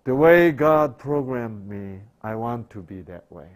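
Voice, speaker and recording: A man's voice: medium pitch, expressive, unhurried. A man giving a sermon-style health talk, asking rhetorical questions and answering them himself, with broken, repetitive phrasing. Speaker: health lecturer.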